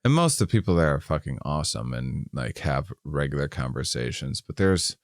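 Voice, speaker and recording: Very deep, smooth-voiced rambling man. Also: very animated, a little fast, no echo, clean studio sound. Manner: rambling, self-deprecating, reads survey questions aloud. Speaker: podcast co-host. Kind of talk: casual podcast chat.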